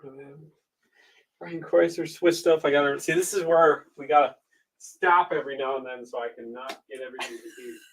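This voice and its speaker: A man's voice: on the high side, steady tone, moderate pace, poor audio. A man auctioneering on a live stream from home, chatty and easygoing, with plenty of filler ums. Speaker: online auctioneer.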